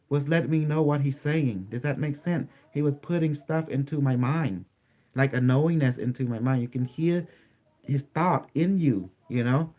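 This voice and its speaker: Halting man telling his story, English. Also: medium pitch, a little mellow. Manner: halting, repetitive storytelling with many restarts. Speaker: interview guest. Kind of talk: recounting a personal experience in an interview.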